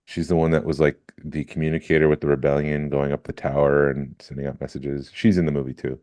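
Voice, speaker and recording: A man's voice: rumbling low, flat delivery, fast, mellow, no echo. A man co-hosting a podcast, telling rambling stories in casual chat. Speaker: podcast co-host.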